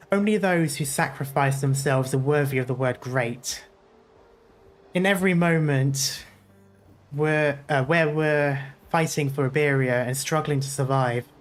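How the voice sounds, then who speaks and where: A man reads a game's story aloud in a slightly high voice, earnest and steady. He slips now and then but keeps going. Soft music runs underneath. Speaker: gaming YouTuber. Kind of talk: reading game dialogue aloud, narrating.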